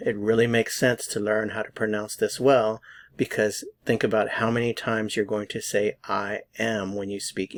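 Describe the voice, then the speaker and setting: Slow, patient American male pronunciation teacher. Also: fairly low pitch, no echo. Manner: patient, repeats words slowly for practice. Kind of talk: slow, deliberate pronunciation lesson.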